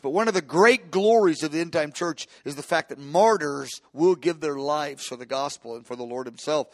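A man's voice: on the high side, a bit bright, no room sound. Impassioned male preacher, dry sound. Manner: impassioned, builds to emphatic peaks, frequent restarts. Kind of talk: sermon.

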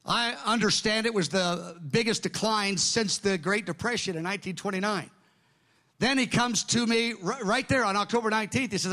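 Middle-aged pastor guy preaching, high bright voice, acts out the dialogue. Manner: animated anecdotes, quoting others in dialogue. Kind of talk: sermon storytelling.

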